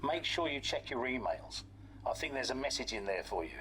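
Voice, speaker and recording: An actor playing a friendly male team liaison who gives brisk, casual instructions. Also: medium pitch, very animated, noisy background, close to an everyday voice.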